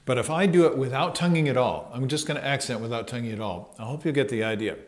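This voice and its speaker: A man's voice: mid-range voice, quick pace, slight background noise. A man giving a casual trumpet lesson, thinking aloud with fillers and sometimes singing syllables to show phrasing. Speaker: trumpet teacher.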